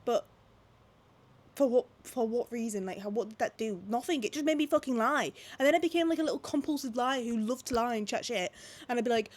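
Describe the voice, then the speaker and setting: A woman, ranting casually to camera at home, animated and full of swearing and "like". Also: fairly high pitch. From England. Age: 20s. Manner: swearing, animated, fast-shifting, lots of "like". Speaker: vlogger. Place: at home, indoors.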